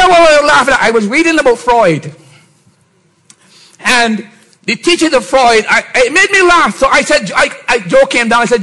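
A middle-aged man, a pastor, preaching a sermon and often rising to shouted emphasis with mocking put-on voices. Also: very high voice, lively intonation, normal speed, low-quality recording.

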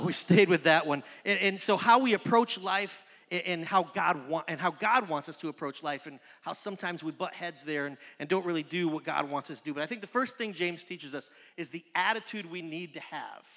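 A young man giving a casual, chatty sermon as a youth pastor, joking and telling animated stories. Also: fairly high pitch, brisk. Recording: echoey hall reverb.

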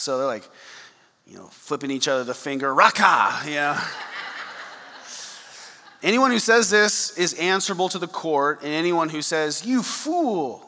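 A pastor preaching a lively sermon, reading scripture and breaking off into jokey asides. His voice is bright and forceful, pitched a little high for a man. The sound carries the long reverb of a large hall.

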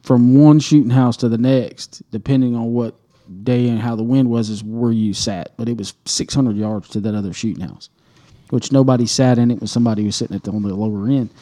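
Guy on a podcast, mellow dark voice, tells a wild story, cusses and laughs. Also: medium pitch, brisk, hardly any pauses. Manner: animated storyteller, swears freely, laughs mid-story. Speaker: podcast co-host. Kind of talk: casual hunting story.

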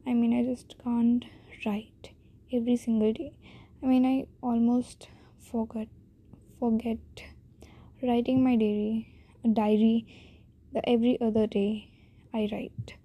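A teenage girl with an Indian accent talks through her podcast in a slow, hesitant ramble. Her slightly high voice is dark and mellow with a breathy edge. She sounds shy and self-deprecating. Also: level tone. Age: teens. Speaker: podcast host. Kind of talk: casual solo podcast monologue.

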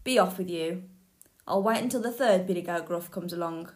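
A woman's voice: on the low side, lightly acted. Roaring troll, as a woman reads it. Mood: menacing. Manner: loud, quick roaring. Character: roaring bridge troll, male, menacing.

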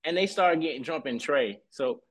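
A man co-hosting a casual podcast recap, telling the story with lively swings and quick acted-out lines. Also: a little high. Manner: animated storytelling, acting out lines in quick voices. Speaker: podcast co-host.

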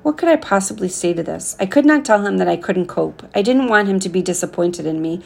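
A woman reading a novel aloud in a steady, earnest way. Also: fairly low pitch, a little fast, vocal fry. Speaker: reader.

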